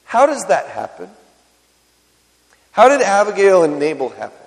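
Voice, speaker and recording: Male pastor, higher voice, chatty sermon delivery with questions to the crowd, reverberant hall. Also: wildly swooping pitch, moderate pace, vocal fry. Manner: conversational preaching with frequent questions to the congregation.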